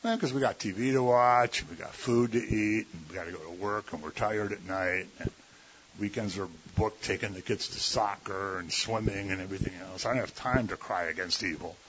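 A man's voice: lowish voice, a little fast, fairly bright tone, a little hiss or hum. A man preaching a sermon in a conversational, folksy way, often slipping into mimicked voices. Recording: dull lo-fi recording.

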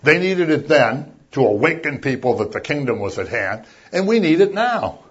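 Male preacher, husky voice, casual and jokey, then bursts loud for emphasis; muffled lo-fi recording. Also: fairly high pitch, sing-song, moderate pace. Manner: conversational, with jokey asides and sudden loud emphasis. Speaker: pastor. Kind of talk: sermon.

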